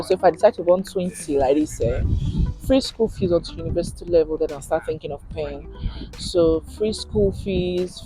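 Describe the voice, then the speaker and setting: Animated Nigerian woman vlogging, mellow voice. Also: fairly low pitch. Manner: animated, mixes in pidgin, laughs often. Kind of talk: casual chat.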